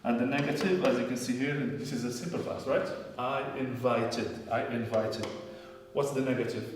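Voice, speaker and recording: Echoey teacher drilling English grammar. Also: male voice, mid-range voice, a little fast, a little hiss or hum. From Morocco. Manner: repetitive, drills phrases over and over. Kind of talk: classroom grammar lesson. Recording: echoey room, voice from a distance.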